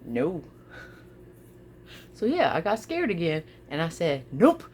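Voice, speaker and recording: A woman vlogging casually to her viewers, expressive, often repeating her phrases and laughing. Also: on the low side, measured pace, slight background noise. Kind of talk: casual talk to camera.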